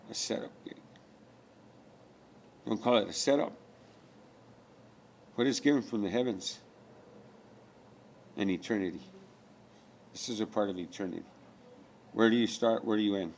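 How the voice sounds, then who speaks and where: A man's voice: lowish voice, moderate pace, pauses often, darkish tone, a little hiss or hum. Man ranting with rhetorical questions. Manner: profane, rhetorical questions, preachy rant. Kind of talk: rambling spiritual monologue.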